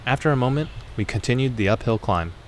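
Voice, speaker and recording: A man narrating a hiking trip in a calm, measured scripted voice-over. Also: medium pitch, background noise. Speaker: narrator and hiker.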